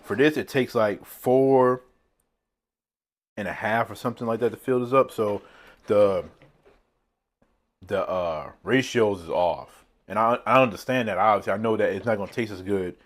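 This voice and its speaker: A man talking casually while eating a meal on camera. He rambles from one thought to the next and chuckles often at his own remarks, recorded on a phone set on a tripod. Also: lowish voice. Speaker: mukbang vlogger. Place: seated indoors at a meal.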